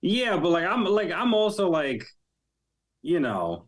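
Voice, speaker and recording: Hesitant man with a lively, swinging pitch. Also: a little slow. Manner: hesitant, full of fillers, self-deprecating. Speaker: podcast guest. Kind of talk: casual podcast chat.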